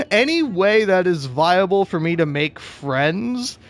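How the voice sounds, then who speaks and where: High-voiced man ranting profanely. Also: big pitch swings, slow pace. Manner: rambling, profane ranting with frequent laughter. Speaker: video game streamer. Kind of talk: casual gameplay commentary.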